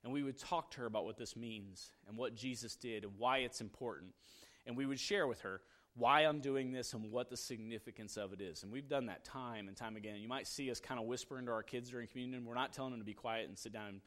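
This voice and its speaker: A middle-aged man preaching a sermon in a relaxed, conversational way, like he's telling a story to friends. He drops into quiet asides and then lifts his voice to press a point home. His pitch sits in an ordinary male middle range. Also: quick pace. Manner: conversational storytelling, swinging between hushed asides and raised emphasis. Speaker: pastor.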